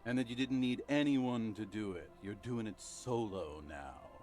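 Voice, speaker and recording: A man voices a blunt, sardonic man in a video game, speaking in a fairly low voice. He is dry and plain-spoken, with faint game music underneath. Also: measured pace, a little mellow, close to an everyday voice.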